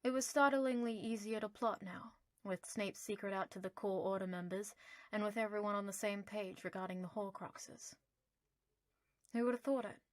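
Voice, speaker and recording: A woman narrating an audiobook in a lively, playful storytelling manner. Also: mid-range voice, normal speed, no room sound.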